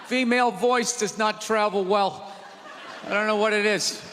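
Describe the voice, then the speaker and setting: A man doing stand-up comedy on a large theater stage, ranting loudly, sarcastic and profane. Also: high-pitched, steady tone, normal speed. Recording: live theater reverb, crowd noise.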